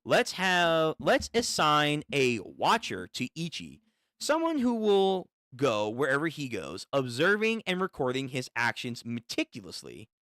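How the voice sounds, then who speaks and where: A man reading the part of a calm, commanding witches' association leader, in a measured and decisive manner. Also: fairly high pitch, no echo, clean studio sound, full character voice.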